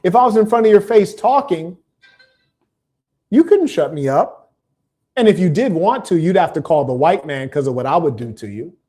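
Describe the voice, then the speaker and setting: A man's voice: sits high, expressive, normal speed, mellow. A man hosting a livestream, delivering a preachy, combative monologue and reading out viewer comments, with emphatic repetition. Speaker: live stream host.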